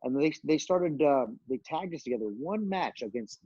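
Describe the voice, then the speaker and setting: A middle-aged man, a guest on a podcast, telling backstage stories in a casual, animated way and acting out what others said. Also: a little high, normal speed, husky, no echo, dull audio. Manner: animated storyteller, acts out quoted voices, many fillers. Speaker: guest, retired pro wrestler. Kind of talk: casual storytelling interview.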